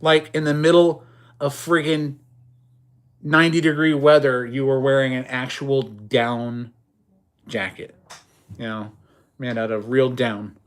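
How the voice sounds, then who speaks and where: A man's voice: mid-range voice, level tone, unhurried, long pauses. A middle-aged man chatting on a livestream, talking tough and blunt, swearing freely and rambling with stammered restarts. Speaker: livestream host. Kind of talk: casual livestream chat.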